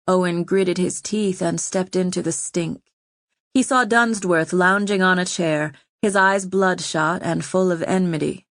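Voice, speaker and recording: Low-voiced woman narrating a story. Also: dry recording, studio quality. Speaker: audiobook narrator. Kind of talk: scripted narration.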